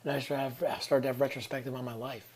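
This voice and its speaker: A man's voice: medium pitch, little pitch movement, racing, darkish tone. A man, telling a personal story in an earnest, reflective way and often dropping into whispered asides. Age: 30s. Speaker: vlogger.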